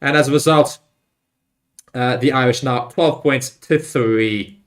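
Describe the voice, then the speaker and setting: A man hosting a live rugby watchalong, talking loosely with many fillers and getting excited on big plays. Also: medium pitch, a little slow. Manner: rambling with fillers and restarts. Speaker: livestream host. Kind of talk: live match watchalong commentary.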